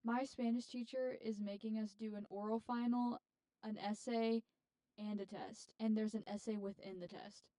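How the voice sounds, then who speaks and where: A woman's voice: on the high side, fairly even intonation, moderate pace, mellow, rough recording. A young woman co-hosting a student podcast, talking in a laid-back, slightly tired way. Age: young adult. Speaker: podcast co-host. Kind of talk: casual chat.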